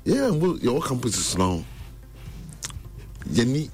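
A man, talking slowly in a casual discussion. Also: medium pitch, huge pitch swings, faint music behind.

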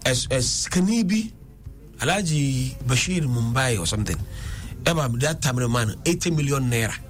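A man's voice: mid-range voice, lively intonation, moderate pace, faint music behind. A man, rambling in a casual discussion and switching between languages. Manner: rambling, restarts and code-switching.

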